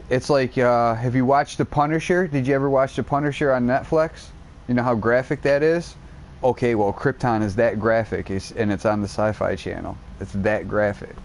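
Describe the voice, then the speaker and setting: Excitable, profane male game streamer. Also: mid-range voice, a little hiss or hum. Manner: profanity-laden, excitable storytelling, heavy slang. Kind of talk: rambling casual chat.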